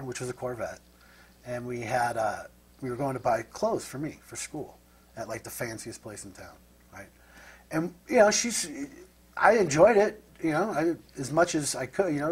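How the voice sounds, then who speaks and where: Middle-aged interview guest from the Midwest, husky and breathy, rambling and reflective. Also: male voice, mid-range voice, animated, normal speed. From Nebraska, USA. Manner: rambling and reflective, with frequent tag questions. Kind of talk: casual storytelling.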